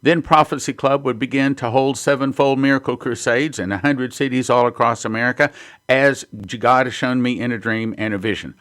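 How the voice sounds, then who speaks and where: A man's voice: medium pitch, fairly quick, fairly bright tone. A man hosting a prophecy ministry, teaching in a sermon style and reading headlines and quotes aloud earnestly.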